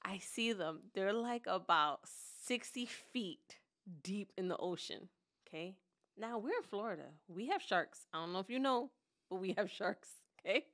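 Her voice mid-range and fairly bright, with lively intonation, a woman co-hosting a podcast recounts a story at a measured pace. She tells it dramatically in this animated chat, mimicking the people involved and laughing as she goes.

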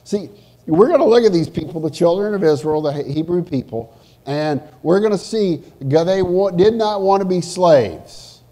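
A pastor preaching a sermon in church, animated, swinging from loud emphasis to hushed asides. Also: male voice, sits high, normal speed. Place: church sanctuary.

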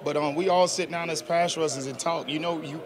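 A man's voice: on the high side, fairly even intonation, brisk, crowd noise. A young man, a football player answering press questions in an earnest, casual, slangy way. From South Georgia, US. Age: 20s.

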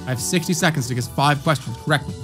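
A man's voice: on the high side, fast, over music. A man in his thirties streaming from home, reading out chat answers and joking through a quiz game. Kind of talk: casual livestream commentary.

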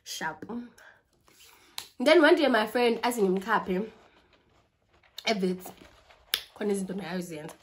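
A woman's voice: medium pitch, animated, a little slow, pauses often, a little hiss or hum. A young woman in her twenties with a South African accent, chatting casually while eating as she tells a story, mixing languages mid-sentence, with a flu and a cough. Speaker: vlogger. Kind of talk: storytime chat over a meal.

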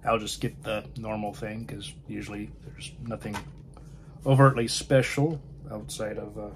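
A man's voice: fairly low pitch, flat delivery, a little slow, slight background noise. A man chatting casually about films, rambling and often trailing off to a murmur. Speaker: film vlogger. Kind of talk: casual film chat.

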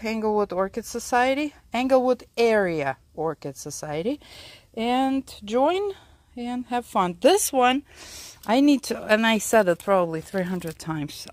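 A woman with a medium-pitched voice hosts a casual tour of her outdoor orchid garden for her channel, heat leaving her out of breath. She talks chattily to her plants and her audience, and there's no room sound.

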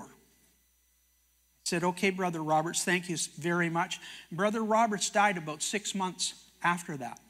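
Bright-voiced older Canadian preacher. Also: male voice, high voice, moderate pace. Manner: folksy storyteller, acts out dialogue in quotes. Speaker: prophecy teacher and TV host. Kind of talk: sermon-style storytelling talk.

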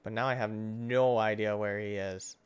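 A man hosting his gaming channel, giving casual let's-play commentary, excitable and swinging between loud outbursts and hushed muttering. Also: fairly low pitch, moderate pace, clear, resonant tone.

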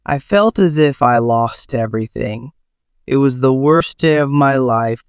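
Slow, clear-voiced male story narrator. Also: mid-range voice, no echo, clean studio sound. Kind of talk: scripted first-person story narration.

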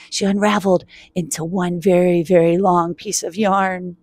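A woman's voice: medium pitch, little pitch movement, normal speed, few pauses, no echo. Playful woman reading a picture book. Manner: playful, quiet and giggly. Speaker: children's book reader. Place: public laundromat.

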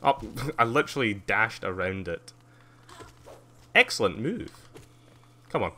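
A man commentates his own gameplay live in a lowish voice with very lively swings in pitch. He is excitable and self-mocking, squealing at jumps and laughing as he chats with his viewers. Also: normal speed. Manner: excitable, squeals gleefully at jumps and mocks himself; chats with viewers while playing, laughs often. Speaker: streamer playing a video game.

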